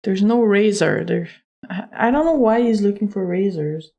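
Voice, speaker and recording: A woman's voice: medium pitch, animated, moderate pace, mellow. A woman streamer giving casual, chatty commentary while playing a game, joking and laughing often. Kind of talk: casual let's-play commentary.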